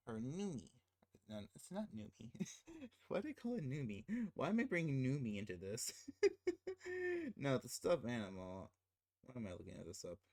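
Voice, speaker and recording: Rambling, excitable movie ranter. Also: medium pitch. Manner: rambling, self-interrupting with laughing asides; gets loud and excited when frustrated. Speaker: movie commentator. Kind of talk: casual spoiler rant.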